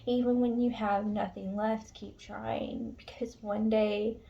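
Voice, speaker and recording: A woman's voice: fairly high pitch, little pitch movement, slow, creaky, warm tone, muffled recording. A woman tarot reader speaking casually and emotionally to her viewers, frank and earnest, swearing now and then. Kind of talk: casual spiritual pep talk to viewers.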